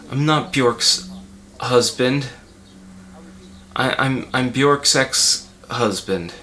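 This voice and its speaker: A man's voice: mid-range voice, bright, forceful tone, slight background noise. A man playing an unwell, pompous male art-film director who rambles and panics in an improvised comedy commentary track. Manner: rambling, self-important, panicky. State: unwell and dizzy.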